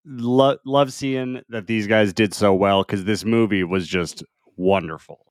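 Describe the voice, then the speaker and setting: Young man, lowish voice, podcast co-host, easygoing chat, dry close mic. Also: unhurried, no echo. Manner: relaxed, laughs along, some fillers. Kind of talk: casual chat.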